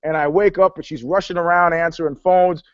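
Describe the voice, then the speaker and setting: A man's voice: fairly high pitch, fairly even intonation, a little fast, smooth, no echo. Profane, rambling man on a call. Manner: profane, rambling storyteller who acts out quotes. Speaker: panelist. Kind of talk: casual podcast chat. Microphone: video call. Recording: dull, dry online call audio.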